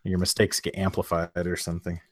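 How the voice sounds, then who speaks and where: Low-voiced man musing in podcast chat. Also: monotone, fast, no echo. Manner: rambling, hedging with fillers. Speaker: podcast co-host. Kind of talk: casual chat.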